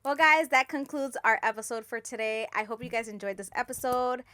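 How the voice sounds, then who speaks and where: A woman co-hosting a podcast in relaxed, joking chat, cursing freely. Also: a little high, a little fast, no echo, studio quality. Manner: laid-back and joking, swears freely. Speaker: podcast co-host. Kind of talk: casual chat.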